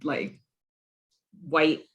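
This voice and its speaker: A man's voice: extremely slow, a bit bright, highs cut off. A man co-hosting a casual talk show about a TV series, asking questions and thinking aloud. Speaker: podcast co-host. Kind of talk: casual chat about a TV episode.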